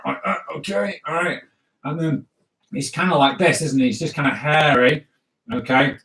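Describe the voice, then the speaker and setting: A man's voice: fairly high pitch, moderate pace, pushed and bright, low-quality recording. A man hosting a live drawing show, joking and chatting as he draws requests from viewers. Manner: playful, jokey, chatty running commentary. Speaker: cartoonist host. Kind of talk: live drawing stream for kids.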